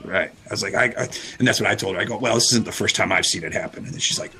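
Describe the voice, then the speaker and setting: A man's voice: on the low side, fast, creaky, faint music behind, low-quality recording. A middle-aged man hosting a radio talk show, telling a story casually and acting out the quoted lines. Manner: animated storyteller, acts out quotes.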